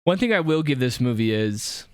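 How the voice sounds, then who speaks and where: A man with a smooth, resonant voice co-hosts a podcast, his pitch rising and falling a lot as he tells enthusiastic stories. The recording is dry and close, with no room sound around him. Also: moderate pace, no room sound. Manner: lively, enthusiastic storytelling. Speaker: podcast co-host. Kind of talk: casual chat.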